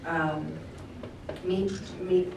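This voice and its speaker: A woman's voice: fairly low pitch, steady tone, very slow. Woman telling a story in an echoey hall. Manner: chatty storyteller, laughs often. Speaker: voice actress on a convention panel. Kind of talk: anecdote told to an audience. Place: convention panel room. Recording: echoey hall, distant mic, background noise.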